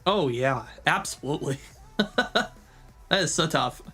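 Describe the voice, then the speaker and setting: Giggly high bright-voiced man. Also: animated, measured pace, slightly rough, faint music behind. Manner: giggly, teasing interjections. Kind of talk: casual gaming voice chat.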